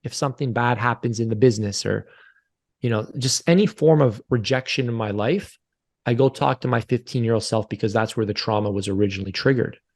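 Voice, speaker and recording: A man's voice: mid-range voice, fairly quick, a little mellow. A man in his forties, a podcast guest, telling a personal story in an earnest, confessional way and often repeating his phrases. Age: 40s. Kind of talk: candid interview storytelling.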